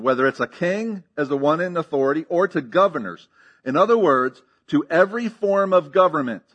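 A man's voice: fairly high pitch, fairly bright tone. A man preaching a sermon as pastor, teaching emphatically with rhetorical questions and frequent checks of "okay?".

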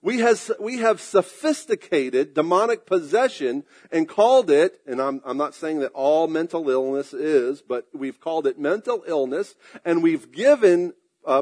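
A man preaching a sermon, drawing out emphatic phrases and dropping into quiet asides, clearing his throat now and then. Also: a little high, animated, moderate pace. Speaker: pastor.

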